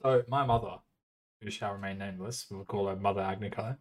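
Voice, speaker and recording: A man's voice: lowish voice, fairly quick. A man co-hosting a podcast, bantering wryly and swearing in casual chat. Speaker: podcast co-host. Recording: podcast microphone.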